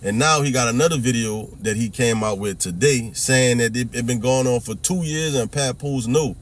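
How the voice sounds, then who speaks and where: A man's voice: mid-range voice, normal speed, a little hiss or hum. A man giving a ranting, preachy commentary monologue that mixes in profanity and keeps asking whether the listener hears him. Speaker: religious commentary vlogger.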